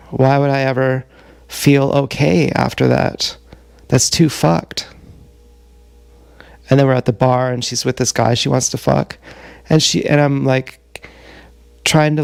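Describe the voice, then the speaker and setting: A man on a livestream telling a rambling, profane confessional story, halting often with fillers, recorded on an action camera. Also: medium pitch, gravelly, a little mellow, no room sound.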